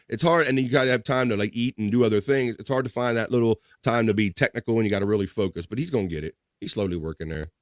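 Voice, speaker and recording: A man's voice: medium pitch, no echo, clean studio sound. Joking man hosting a live chat. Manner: loose, joking, reads chat aloud. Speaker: livestream host.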